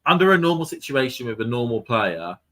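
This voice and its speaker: Bright-voiced British man, chatty co-host. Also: mid-range voice, big pitch swings, fairly quick. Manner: chatty, loose, with frequent fillers. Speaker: podcast co-host. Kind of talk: casual live watchalong chat.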